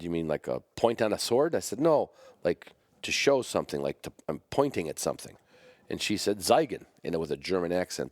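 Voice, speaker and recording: A man's voice: low-pitched, darkish tone, no room sound, clean studio sound. A middle-aged man hosting a podcast, telling a rambling, self-correcting story with wry asides. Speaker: podcast host. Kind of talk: casual storytelling.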